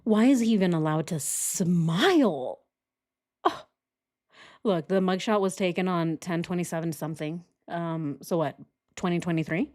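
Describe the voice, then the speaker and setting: A young woman hosts a casual true crime livestream, reacting and chatting with her viewers in a sarcastic, giggly way. Her voice has a fairly low pitch, a darkish tone, and a normal speed.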